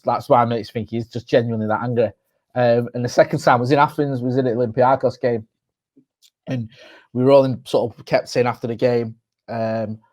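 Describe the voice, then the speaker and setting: Fast-talking, sweary English man. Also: medium pitch, a little mellow. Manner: quick, sweary, teasing banter. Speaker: podcast co-host. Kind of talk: casual chat.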